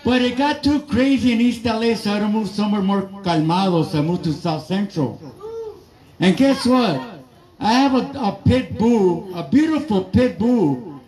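A man's voice: sits high, expressive, normal speed, a little mellow, rough recording. A man from East Los Angeles, doing a loose, rambling stand-up set with asides to the crowd. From East Los Angeles, USA. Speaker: stand-up comedian and emcee. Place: garage.

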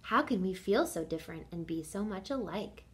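A woman voicing a small, lively bird in a read-aloud storybook, yelping in a high voice. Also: moderate pace, close to an everyday voice. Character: small young bird, lively and easily alarmed.

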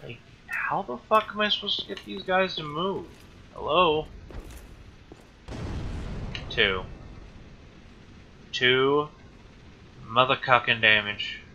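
A man's voice: a little high, slow pace, creaky, long pauses, bright, forceful tone, dull audio, a little hiss or hum. A man giving casual gameplay commentary, swearing often and rambling in exasperation at the game. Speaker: let's play gamer.

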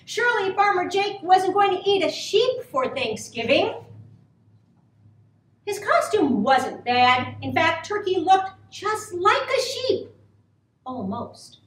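Woman storybook reader for kids: high, animated, unhurried; roomy and distant sound. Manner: gentle, expressive, drawn-out. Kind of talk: storybook read-aloud for children.

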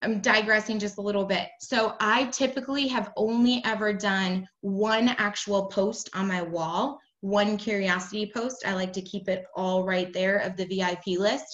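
A woman coaching her sales team in casual talk, chatty and upbeat, often asking "right?" and acting out quoted lines with bursts of excitement. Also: mid-range voice, moderate pace, hardly any pauses, roomy sound, lo-fi sound. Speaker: team leader coaching sellers.

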